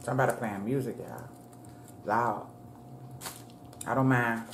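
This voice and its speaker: In an echoey room with slight background noise, a middle-aged mukbang vlogger eats and chats with viewers between bites, calling them y'all. Her voice rumbles low, with fairly even intonation and an unhurried pace.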